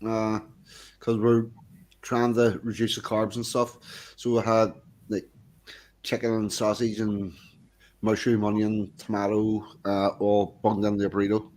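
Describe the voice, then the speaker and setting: A man chatting casually on a stream, relaxed and hesitant with many pauses. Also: lowish voice. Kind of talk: casual chat.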